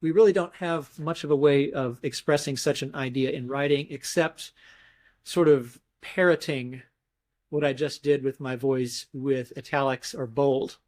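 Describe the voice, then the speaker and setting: A man's voice: mid-range voice, steady tone, unhurried, a little mellow. A man being interviewed as a scholar, explaining grammar thoughtfully step by step, often restarting phrases and demonstrating emphasis with his voice. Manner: mimics emphasis with his voice in examples. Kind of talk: academic explanation in conversation.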